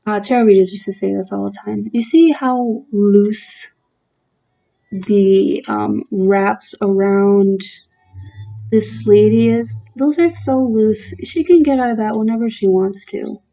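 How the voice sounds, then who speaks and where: A woman's voice: mid-range voice, slow pace, vocal fry, warm tone, dull audio, faint music behind. A woman giving a casual, heartfelt tarot reading, earnest and emotional, talking with many fillers and restarts. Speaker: tarot reader.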